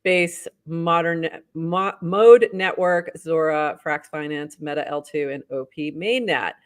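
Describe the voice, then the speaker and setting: A woman's voice: sits low, slow pace. A woman co-hosting a casual talk show, upbeat, reading posts aloud and laughing often. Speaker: podcast co-host. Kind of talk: casual news roundup chat.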